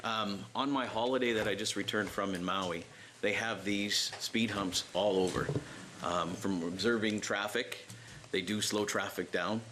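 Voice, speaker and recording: A man's voice: on the low side, fairly even intonation, a little slow, pushed and bright, slight background noise. A man, a city councillor, casually offering suggestions in a council debate. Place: council chamber.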